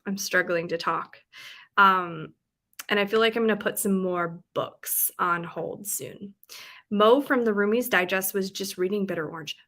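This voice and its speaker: A woman's voice: mid-range voice, unhurried, pushed and bright. A young woman chatting casually on a live stream as host, giggly and full of filler words. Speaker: livestream host.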